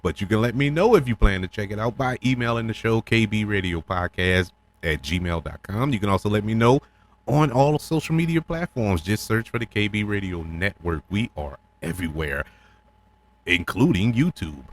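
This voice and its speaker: A man's voice: lowish voice, normal speed, a little hiss or hum. A middle-aged man hosting a podcast, giving an enthusiastic casual film review, repeating himself for emphasis and laughing often.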